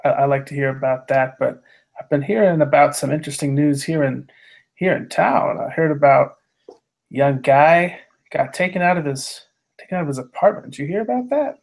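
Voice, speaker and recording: A tabletop player with a high-ish voice and vocal fry role-plays in character at a moderate pace. His speech is casual and hesitant, with lots of restarts.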